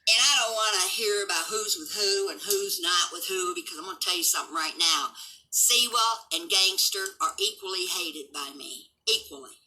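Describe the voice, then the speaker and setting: A woman's voice: medium pitch, moderate pace, sharp tone, faint music behind, rough recording. A woman in her seventies, hosting her livestream from home with a blunt, combative, swearing rant. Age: 70s. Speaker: livestream host.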